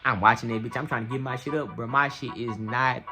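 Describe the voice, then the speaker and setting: Music plays behind a young man as he tells a casual, slangy, profane story at a brisk clip and in a steady tone. He keeps checking in with "you hear me?" and goes high-pitched whenever he describes moments of panic.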